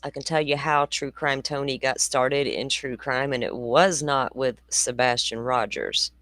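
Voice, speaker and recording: A woman's voice: a bass voice, measured pace, fairly bright tone, no room sound. A woman in her forties hosting a true crime show, talking in a chatty, blunt way with rambling asides. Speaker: true crime podcast host. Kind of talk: casual livestream commentary.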